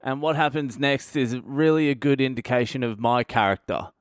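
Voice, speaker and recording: A man's voice: mid-range voice, fairly even intonation, moderate pace, clear, resonant tone, dry recording, clean studio sound. A man in his thirties with an Australian accent, hosting a podcast and telling a blunt, profane, self-mocking comic story. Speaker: comedian podcast host.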